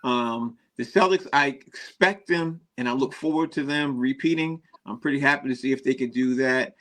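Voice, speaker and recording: A man's voice: medium pitch, moderate pace, fairly bright tone. A man hosting a casual sports talk show, rambling and repeating himself with frequent laughs.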